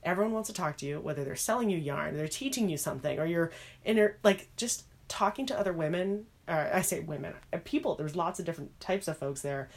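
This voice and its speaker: A woman co-hosting a podcast in casual chat, animated and expressive, often slipping into other people's voices as she retells stories. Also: on the low side, quick pace.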